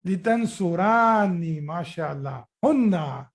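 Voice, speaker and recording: Male language teacher, live online class: slow, patient, encouraging, drills forms and praises students often. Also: high-pitched, animated. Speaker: Arabic grammar teacher.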